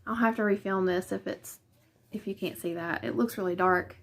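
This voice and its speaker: A woman's voice: medium pitch, fairly even intonation, moderate pace, vocal fry. A woman with a Southern US accent chatting casually through a quilting unboxing in her living room, hesitant and thinking aloud as she goes. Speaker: vlogger.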